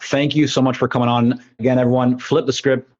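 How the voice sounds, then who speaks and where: A man hosting a podcast interview, speaking in a measured, affirming way. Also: medium pitch, level tone, a little mellow, no echo. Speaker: podcast host. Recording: dull, dry lo-fi sound.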